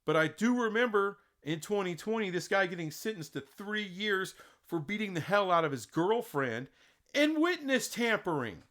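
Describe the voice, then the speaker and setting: A man delivers an opinionated sports rant in a fairly high voice. His pitch swings widely as he presses point after point. He sounds indignant and fires off rhetorical questions. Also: lively intonation, moderate pace, fairly bright tone. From Texas. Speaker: sports commentator. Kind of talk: opinionated solo commentary.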